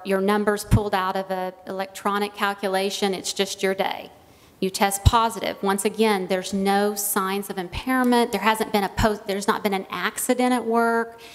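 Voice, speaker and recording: Witness, female, measured and cautious, long room reverb. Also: medium pitch. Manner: careful, measured, hedging. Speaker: witness giving testimony. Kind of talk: hearing testimony. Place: legislative hearing room.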